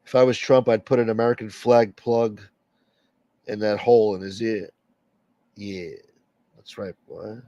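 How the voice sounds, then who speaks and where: A man's voice: on the low side, fairly even intonation, measured pace, long pauses, mellow, dry recording. Opinionated guy rambling on his late night stream, kinda muffled, dead dry sound. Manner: blunt, opinionated rambling with frequent asides. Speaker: livestream host. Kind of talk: casual chat.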